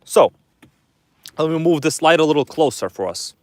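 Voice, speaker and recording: Guy streaming from his car at night on his phone, kinda high voice, loose and chatty, cusses a bit, dead dry sound. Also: lively intonation, moderate pace, no echo. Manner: chatty, greets viewers, swears casually. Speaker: livestream host. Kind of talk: casual livestream chat. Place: inside a parked car at night.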